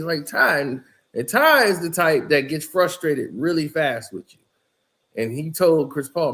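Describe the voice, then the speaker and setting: A man's voice: a little high, big pitch swings, a little slow, a bit bright. A man giving casual, rambling basketball commentary, telling the story in a loose way with lots of "you know" and "like".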